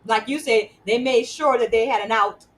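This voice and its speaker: A woman's voice: on the high side, normal speed, fairly bright tone, rough recording. A woman hosting an interview show, talking conversationally and repeating words as she builds her points. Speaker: host.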